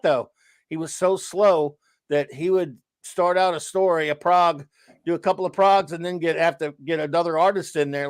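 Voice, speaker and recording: Casting: enthusiastic male host, higher voice, dry close mic. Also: no echo. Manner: enthusiastic, rambling with restarts. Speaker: podcast host. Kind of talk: casual chat about comics.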